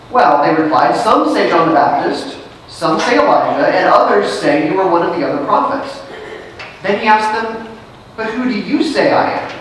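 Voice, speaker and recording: A woman's voice: on the low side, distant mic, slight background noise. A woman pastor giving a sermon in a church sanctuary. She reads scripture aloud, then explains it in a conversational way and asks her listeners questions. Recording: very echoey sanctuary, picked up from afar.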